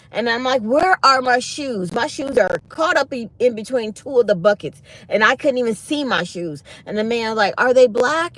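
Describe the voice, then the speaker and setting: A middle-aged woman hosts her own channel and chats casually with her viewers. She tells a story with mounting exasperation and acts out every back-and-forth in the quoted voices. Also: fairly high pitch. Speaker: channel host.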